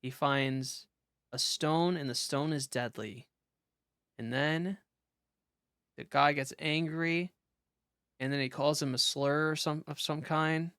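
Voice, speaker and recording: A man's voice: on the high side, steady tone, takes it slowly, long pauses, fairly bright tone, clean tone, dry recording, studio quality. A young man streaming a game live, chatting casually with lots of fillers and restarts.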